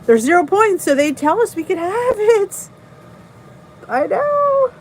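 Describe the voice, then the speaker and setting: A woman's voice: very high voice, lively intonation, moderate pace, darkish tone, a little hiss or hum, low-quality recording. A middle-aged woman with a New Jersey accent, hosting a casual live stream, chatting, greeting viewers and laughing at herself. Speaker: channel host reading live chat.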